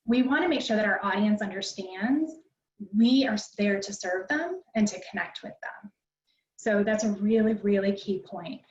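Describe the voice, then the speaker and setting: A woman teaching presentation skills in a conversational, instructive way, often pausing on "um". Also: mid-range voice, animated, far from the mic. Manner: conversational and instructive, peppered with ums. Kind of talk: online library workshop lecture. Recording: dull, roomy sound from away from the mic.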